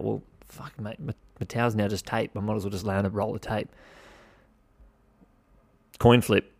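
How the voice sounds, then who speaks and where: A man's voice: lowish voice, fairly even intonation, moderate pace, vocal fry, pauses often, darkish tone. A young Australian man hosting a podcast, talking casually and bluntly, swearing freely with mock exasperation. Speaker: podcast host. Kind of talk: casual solo commentary.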